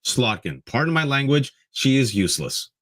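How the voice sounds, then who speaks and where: A man co-hosting a political talk show, ranting fast and mocking politicians in sarcastic voices. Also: medium pitch, very animated, fairly bright tone. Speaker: co-host. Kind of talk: heated political commentary.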